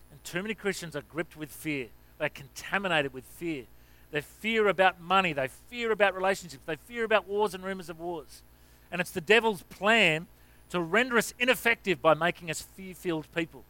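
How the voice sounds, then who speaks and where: An Australian male pastor delivers a sermon in a high, sharp voice. He talks like a chat, full of restarts and asides, then surges into loud exclamations. The sound is close and dry. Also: no echo, poor audio. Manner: conversational asides and repeated restarts.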